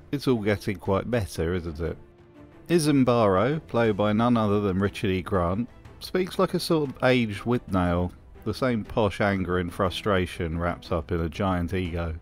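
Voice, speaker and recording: Sardonic male commentary host. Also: lowish voice. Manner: sardonic, mocking. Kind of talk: comedic review commentary.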